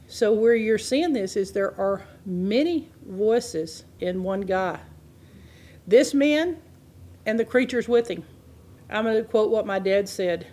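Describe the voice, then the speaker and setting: A woman's voice: mid-range voice, darkish tone. A woman preaching a sermon, reading scripture aloud and laughing often as she explains it.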